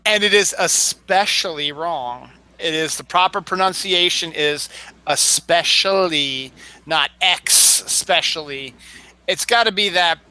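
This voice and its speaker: A man's voice: fairly high pitch, pushed and bright, smooth, rough recording. A man explaining word usage in a chatty, casual talk. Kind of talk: casual pronunciation chat.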